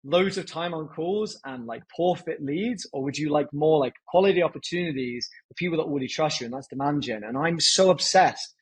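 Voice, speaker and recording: Husky, animated man talking business. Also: on the high side, fairly quick, hardly any pauses, rough recording. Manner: energetic, filler-heavy with frequent "like". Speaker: podcast guest, company founder. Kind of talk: casual interview talk.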